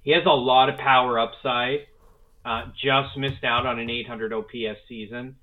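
This casual sports podcast's co-host, a man, has a medium pitch, fairly even intonation and a moderate pace. The sound is narrow and phone-like, and he rambles enthusiastically, swearing casually.

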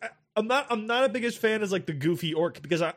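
Excitable high-voiced man ranting and laughing. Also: quick pace. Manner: swears a lot, laughs often, animated rants. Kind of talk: casual gaming chat.

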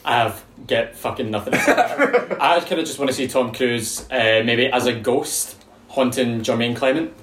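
A young man in casual chat, thinking aloud with halting restarts. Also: mid-range voice, animated, fairly bright tone, a little hiss or hum. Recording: roomy echo.

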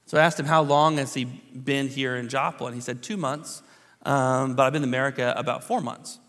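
A man in his thirties, a pastor telling a personal story in a relaxed, conversational sermon with many fillers and restarts. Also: medium pitch, moderate pace. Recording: long hall reverb.

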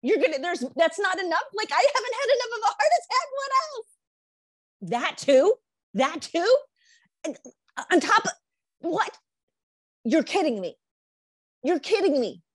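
A woman's voice: extremely high pitch, sing-song, normal speed, pauses often, dry recording, voice pushed up. A woman acting out an overjoyed friend who is hearing great news, gasping and repeating her exclamations. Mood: ecstatic. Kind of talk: acted demonstration.

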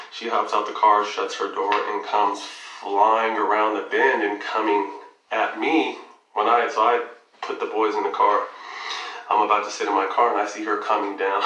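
A man's voice: lowish voice, echoey room, distant mic, low-quality recording. A man casually telling a long personal story, swearing freely and acting out the dialogue. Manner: profane, animated retelling with quoted dialogue. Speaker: guest telling his story.

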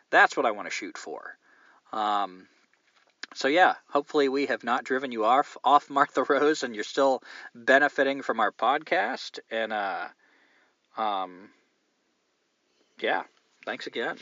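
A man's voice: mid-range voice, lively intonation, unhurried, long pauses, bright, forceful tone, no echo, dull audio. A man hosting a podcast, reading listener mail and chatting in a candid, meandering, profane way. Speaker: podcast host.

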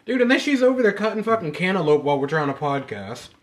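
A man's voice: on the high side, fast talker. A man co-hosting a casual podcast, telling family stories with lots of swearing and acted-out quotes. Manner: animated storyteller, profane, acts out quotes. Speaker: podcast co-host.

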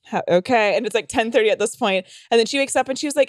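A young woman comedian spins a rambling, profane story on a podcast, packed with fillers and dramatic acted-out quotes. She talks at a rapid clip in a fairly high voice. The sound is close and dry. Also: no room sound. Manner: rambling, frequent "like" fillers, heavy swearing. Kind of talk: casual storytelling chat.

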